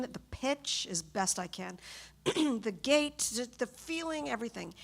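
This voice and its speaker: A woman voice actor on a convention panel, telling stories in an animated, chatty way and acting out quotes. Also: fairly high pitch.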